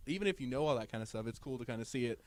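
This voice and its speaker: A man's voice: mid-range voice, lively intonation, very fast, darkish tone. A young man co-hosting a podcast, chatting casually and laughing often as he jokes around. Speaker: podcast co-host. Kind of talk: casual chat.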